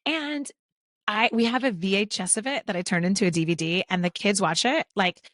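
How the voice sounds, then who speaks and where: Woman host in her thirties, chatty and enthusiastic, dry close sound, mid pitch. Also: brisk, a bit bright, dry recording. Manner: chatty, enthusiastic, lots of fillers. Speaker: podcast host. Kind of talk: casual interview chat.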